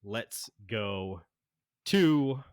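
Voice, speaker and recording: A man narrating as game master of a tabletop game, halting and full of fillers and laughs. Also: fairly low pitch, animated, darkish tone, clean tone, no room sound, clean studio sound.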